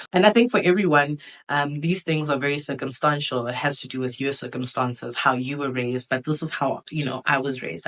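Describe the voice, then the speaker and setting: A woman's voice: rumbling low, fairly bright tone, poor audio. A woman in her twenties hosts a podcast and talks openly about her life. Her delivery is candid and reflective, loose and conversational, and full of "you know" and "um.". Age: 20s. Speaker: podcast host.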